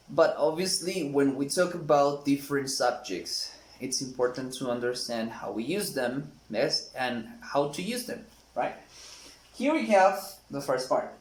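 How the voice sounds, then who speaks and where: A man teaching an English grammar lesson, patiently repeating the example sentences slowly. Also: medium pitch, lively intonation. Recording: echoey room.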